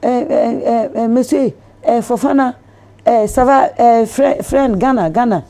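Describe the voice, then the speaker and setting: A man's voice: very high voice, normal speed, warm tone, voice pushed up. A woman voicing a flustered male car trader who stammers and repeats single words in broken French.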